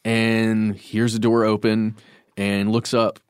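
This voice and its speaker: A man's voice: fairly low pitch, slow pace, smooth, no room sound, clean studio sound. A man co-hosting a podcast, chatting casually and putting questions to the others. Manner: lively, asks the others questions. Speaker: podcast co-host. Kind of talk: casual chat.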